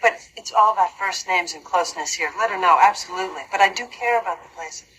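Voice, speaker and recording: A woman's voice: on the low side, fast talker, pushed and bright, a little hiss or hum, low-quality recording. An actress playing an anxious, chatty wealthy mother who rambles nervously and interrupts herself in film dialogue. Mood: flustered.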